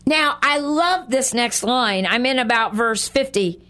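A woman's voice: fairly high pitch, unhurried. Fields: Sex: woman. Role: Christian radio host. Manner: animated, acts out scripture scenes in lively voices and laughs often. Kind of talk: Christian radio talk and Bible teaching.

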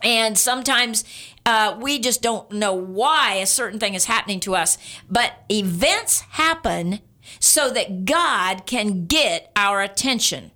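A woman's voice: mid-range voice, lively intonation, measured pace, pushed and bright. A woman preacher giving a sermon, speaking earnestly and directly to her listeners and repeating key points for emphasis.

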